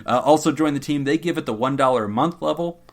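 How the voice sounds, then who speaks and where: A man's voice: fairly high pitch, fast. A man co-hosting a casual podcast, reading out supporter thank-yous with frequent laughter. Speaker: podcast co-host.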